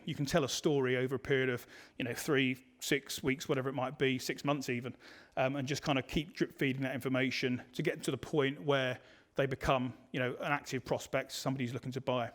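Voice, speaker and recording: A man presenting a digital marketing webinar in a conversational way, full of fillers and restarts. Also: mid-range voice. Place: online webinar.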